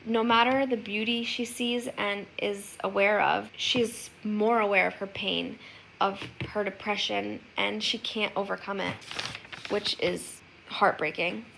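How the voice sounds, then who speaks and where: A young female student gives an earnest class oral presentation, reading a poem aloud and reflecting on it with occasional fillers. Her mid-range voice is creaky, a bit bright, unhurried and fairly even, and the poor audio carries a little hiss or hum.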